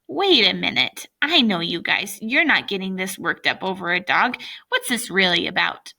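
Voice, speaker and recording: A woman, reading a story, voices a furious schoolgirl who scolds the boys and the dog. The voice is bright and sharp, with some vocal fry. It comes across as indignant and fierce. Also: medium pitch, very animated, normal speed, full character voice. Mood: wary. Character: girl, soft-spoken classmate turned furious.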